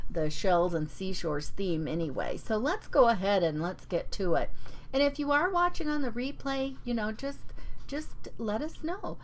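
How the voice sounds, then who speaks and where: A woman's voice: medium pitch, rough recording. A woman hosting a live paper-craft demonstration from her home craft desk. She chats casually and greets viewers by name as she works.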